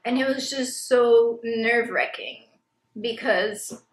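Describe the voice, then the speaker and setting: Chatty young mom in an echoey room. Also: female voice, fairly high pitch, takes it slowly. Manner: candid, chatty, heavy use of "like" as filler. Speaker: vlogger, stay-at-home mom. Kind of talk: casual confessional chat to camera. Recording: roomy echo.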